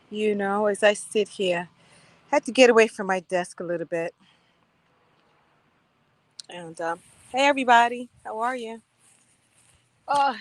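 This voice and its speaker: A woman hosting a live stream, chatting casually and playfully, laughing often and greeting her viewers by name. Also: mid-range voice.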